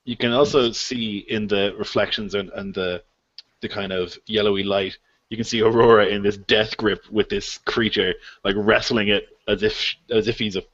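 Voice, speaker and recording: Laid-back low-voiced male game master. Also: fairly even intonation, moderate pace, fairly bright tone, no room sound. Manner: casual, filler-heavy narration with laughs. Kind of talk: narrating a tabletop game. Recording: dull lo-fi voice call audio.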